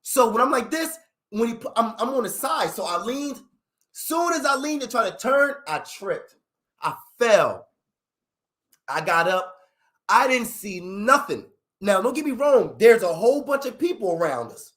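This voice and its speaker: A young man telling a street story in slangy, animated talk, acting out other people's lines in raised voices. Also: very high-pitched, measured pace. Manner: acts out others' lines in raised voices, slangy, fillers like "you know what I mean". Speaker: storyteller recounting his past.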